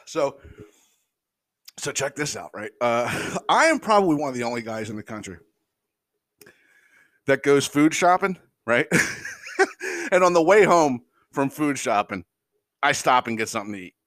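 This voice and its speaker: Man, podcast host, profane heated rant, lively swinging pitch, dry close sound. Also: normal speed, pauses often, no echo. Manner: heated, swears constantly, stammers when worked up.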